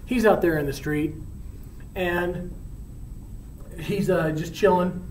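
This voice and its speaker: A man's voice: high voice, slow pace, a little mellow, slight background noise. A male teacher casually retelling a play, chatty and often checking in with "right?". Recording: roomy, from far off.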